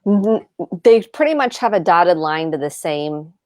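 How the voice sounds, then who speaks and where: Woman therapist, lowish voice, dry close sound, calm explainer on a video call. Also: unhurried, no echo. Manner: calm explaining, acts out example dialogue.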